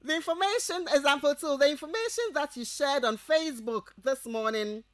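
A woman with a Ghanaian English accent giving a radio lecture to university students, repeating each point slowly as if dictating and checking that they follow. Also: high voice, a bit bright, no echo.

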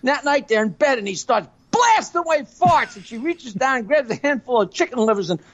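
A brash older man rattling off dirty jokes, cackling at his own punchlines. His high voice swings up and down. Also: sing-song, a little fast, a bit bright. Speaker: guest joke teller. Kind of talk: rapid-fire dirty joke telling.

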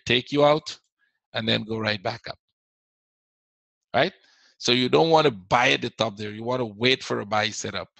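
A man's voice: medium pitch, creaky, a bit bright, dry recording, rough recording. A man teaching a live trading webinar, repeating his points and answering viewers as he goes. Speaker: forex trading instructor.

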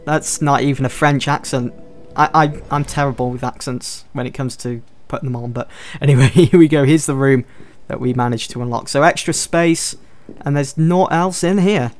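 A man's voice: mid-range voice, moderate pace, soft background music. A man giving casual let's-play commentary, chatting and thinking aloud as he explores. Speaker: gameplay commentator.

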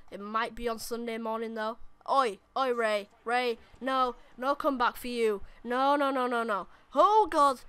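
A young adult woman, rambling and commentating live on her own gameplay, often bursting into excited shouts at the game. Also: on the high side. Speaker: gaming YouTuber.

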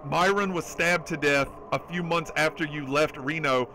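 This livestreaming gamer has a slightly high male voice and a moderate pace, giving excitable, casual commentary on his gameplay. He curses frequently and reads chat messages aloud, thanking donors. The audio is poor, with slight background noise and game music underneath.

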